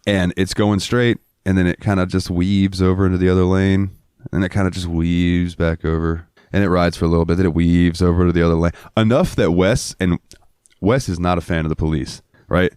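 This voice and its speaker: A man's voice: low voice, steady tone, fairly quick, darkish tone, clean tone, no room sound, clean studio sound. A man from Florida co-hosting a podcast, telling rambling, profane stories in casual chat. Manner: profane, rambling, acts out quotes in raised voices. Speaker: podcast co-host.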